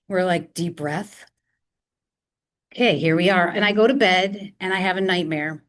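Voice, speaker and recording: Woman telling a personal story, animated. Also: fairly low pitch, moderate pace. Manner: animated, acts out her own and others' quoted lines. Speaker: speaker at a library talk. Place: public library talk before a live audience.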